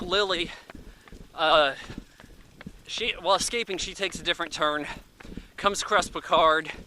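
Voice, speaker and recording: A man in his thirties talks through a film in a loose, rambling review. His voice is very bright and sharp and sits a little high, and he keeps it offhand and chatty, thinking out loud as he goes. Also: slight background noise. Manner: offhand and chatty, thinking aloud with many fillers. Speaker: movie reviewer. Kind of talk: casual rambling movie review.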